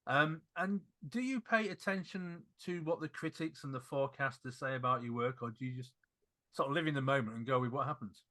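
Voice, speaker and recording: A man's voice: mid-range voice, fairly quick, pushed and bright. A man hosting a music podcast, asking chatty, thoughtful questions. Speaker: podcast host. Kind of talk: interview questions.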